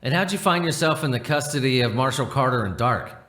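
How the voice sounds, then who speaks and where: A man voicing a calm male doctor who asks plain, even questions in an interview, recorded in a roomy room. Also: mid-range voice, fairly quick, natural voice. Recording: roomy echo.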